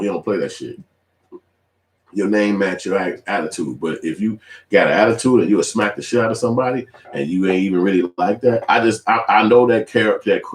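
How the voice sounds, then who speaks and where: Man, 40s, low voice, profane animated commentary, echoey room. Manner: profane, animated, mimics people in high voices. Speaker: video commentator. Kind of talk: casual commentary.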